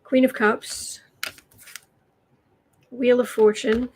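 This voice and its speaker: A woman's voice: a little high, level tone, very slow, a little hiss or hum, low-quality recording. An American woman hosting a casual tarot livestream from home, reading out viewer comments as she chats. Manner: reads viewer comments, soothes her cat in soft murmurs. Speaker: tarot reader livestream host. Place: home room.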